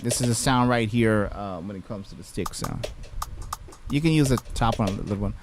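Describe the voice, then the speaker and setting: A man's voice: on the low side, normal speed. A man, a music producer talking casually through a beat-making tutorial with lots of fillers. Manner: relaxed, chatty, many fillers. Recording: music playing behind the voice.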